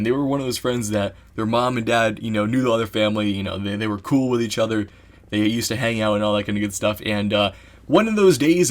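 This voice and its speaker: A man telling a story in a casual vlog, rambling and excitable, packing his talk with "you know" asides. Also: medium pitch.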